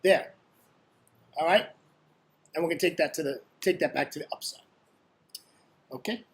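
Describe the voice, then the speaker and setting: A man's voice: fairly high pitch, moderate pace. A man giving casual trading commentary over his screen, chatty and blunt, joking and constantly asking "right?". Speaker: forex trading educator.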